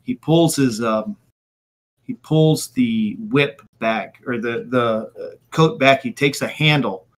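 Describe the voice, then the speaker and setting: A man's voice: mid-range voice, takes it slowly. A man narrating as game master, vividly describing scenes with occasional fillers.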